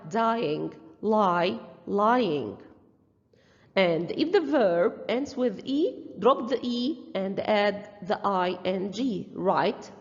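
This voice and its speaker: A woman teaching a grammar lesson, speaking slowly and deliberately, spelling out letters and listing examples. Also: medium pitch. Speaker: language teacher. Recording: dull lo-fi sound with long reverb.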